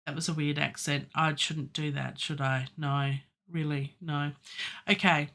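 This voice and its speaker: A woman's voice: deep voice, steady tone, unhurried, fairly bright tone. A middle-aged woman, chatting casually and digressively on a live stream from her home studio, laughing often and joking at her own expense. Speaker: musician livestreaming her songwriting. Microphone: studio microphone.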